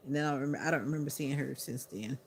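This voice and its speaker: A sleepy woman hosting a livestream, chatting to viewers in an unhurried, casual way. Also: rumbling low, breathy edge. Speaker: livestream host.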